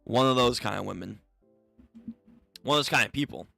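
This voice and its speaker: A man's voice: medium pitch, fairly quick, creaky, bright, forceful tone, no room sound, faint music behind. A man reading manga chapters aloud and reacting in casual, profane commentary, stammering and restarting as he talks.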